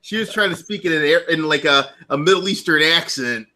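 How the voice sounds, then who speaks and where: A man co-hosting a casual chat show, animated and stumbling over his words as he talks. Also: fairly high pitch, a little fast, over a noisy crowd. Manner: animated, stumbling and restarting, swearing freely. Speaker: podcast co-host.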